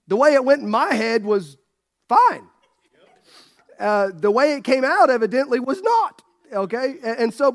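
A middle-aged man preaching a sermon as pastor, folksy and joking with his congregation. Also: sits high. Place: church sanctuary.

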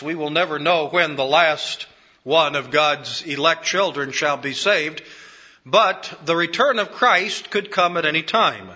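A man delivering a sermon, slowing down and repeating key phrases to drive them home. His voice is fairly high for a man and very bright and forceful. The recording is a little muffled and lo-fi. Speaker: preacher.

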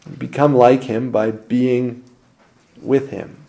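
A man preaching a sermon as pastor, asking rhetorical questions and swinging between loud emphasis and quiet asides. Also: mid-range voice, steady tone, slow pace, gravelly.

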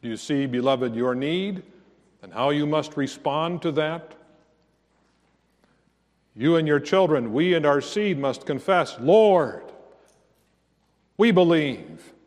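Pastor, male, higher voice, very slow earnest sermon delivery, church reverb. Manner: slow, earnest preaching with emphatic rises.

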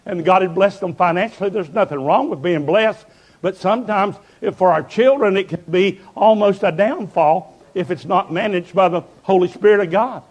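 A man preaching a revival sermon, telling stories fervently and building up to shouts. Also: sits high, normal speed.

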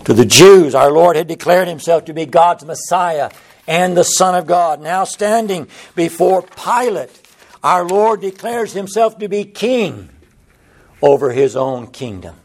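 Male preacher, fairly high voice, slow unhurried impassioned sermon delivery. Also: animated. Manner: impassioned, rising pitch on repeated phrases.

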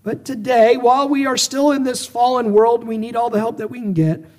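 A man delivering a sermon in a notably high voice. He presses his hearers with rhetorical questions and earnest calls to examine themselves, slowing down to stress key phrases. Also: fairly even intonation, darkish tone. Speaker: preacher.

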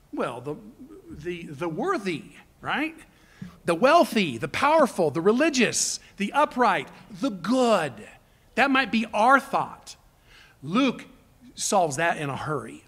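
A man preaching a sermon, emphatic, swinging between loud appeals and hushed near-whispers. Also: high-pitched.

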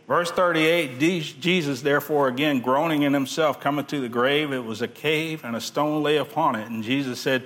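Male pastor, slightly raised pitch, sermon delivery that rises for emphasis and drops to a hush when quoting scripture. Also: normal speed, hardly any pauses. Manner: preaching with big swings between loud emphasis and hushed quotes; reads scripture aloud in old-fashioned wording.

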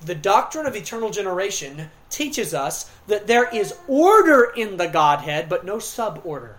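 A woman preaching a sermon speaks at a medium pitch with a sing-song lilt, slowing to lean on key words and swinging between loud emphasis and soft, hushed moments.

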